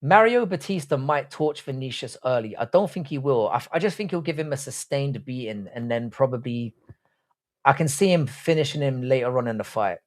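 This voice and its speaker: A man's voice: medium pitch, animated, a little fast. A young man hosting a live stream and chatting with viewers, blunt and profane. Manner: crude, profane banter. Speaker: livestream host. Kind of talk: casual live chat reading comments.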